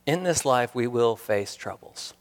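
A man preaches in an earnest, searching way, putting questions to his listeners and repeating his main points. His voice sits at an ordinary middle pitch. It rings out with the long reverb of a church sanctuary. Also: animated, a little slow. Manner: earnest, rhetorical questions, repeats key lines for emphasis. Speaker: pastor. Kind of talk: sermon.

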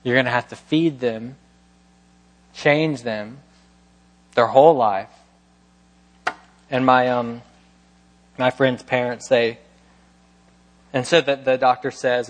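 A man's voice: mid-range voice, fairly even intonation, takes it slowly, long pauses, long reverb tail. A man preaching a sermon as pastor, emphatic and full of rhetorical questions.

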